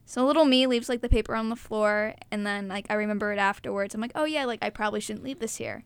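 A young woman telling a story in casual podcast chat, acting out what people said with lively energy. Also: medium pitch, fast talker, smooth. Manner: animated, acts out quotes.

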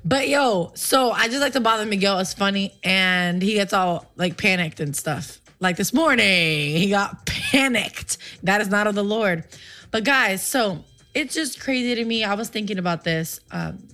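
A woman's voice: medium pitch, lively intonation, normal speed, few pauses, pushed and bright. A woman in her twenties hosting a casual live-streamed talk show, goofy and teasing, often joking that she is kidding. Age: 20s. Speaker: show host.

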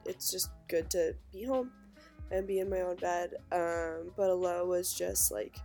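A young woman co-hosting a laid-back podcast from her bedroom, her voice nasal and stuffy from a cold. She talks slowly, with a gravelly fry and plenty of ums. Faint music plays behind her. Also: lowish voice. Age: young adult. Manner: relaxed and unhurried, with frequent ums. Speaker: podcast co-host. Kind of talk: casual chat. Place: own bedroom.

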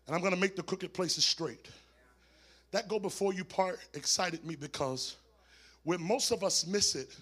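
A man pastor, preaching a sermon that climbs from quiet teaching to shouted, sing-song preaching. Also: high voice, slightly rough.

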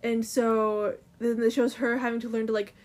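A woman's voice: on the high side, flat delivery, moderate pace, a little mellow. A woman in casual chat, retelling a comic's story in a loose, filler-heavy way full of "like" and "um".

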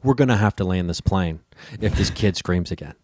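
A man telling a long personal story in casual talk, lively and profane, acting out the people in it. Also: low voice, normal speed, dry recording, clean studio sound. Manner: animated, swears freely, acts out the people in his story.

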